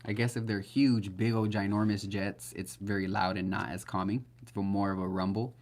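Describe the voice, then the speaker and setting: A man's voice: fairly low pitch, level tone, moderate pace, darkish tone. A man giving a casual live-stream tarot reading, blunt and chatty, swearing freely. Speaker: tarot reader.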